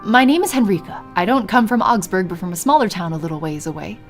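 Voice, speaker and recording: A woman's voice: mid-range voice, lively intonation, fast, faint music behind, lightly acted. A woman voicing a polite, slightly nervous young woman in a visual novel read aloud on stream.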